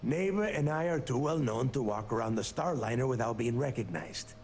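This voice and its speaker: A man's voice: mid-range voice, expressive, normal speed, a little mellow, a little hiss or hum, close to an everyday voice. A man voicing a commanding, impatient male pirate boss in a video game, giving curt orders. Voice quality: gravelly. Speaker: game character.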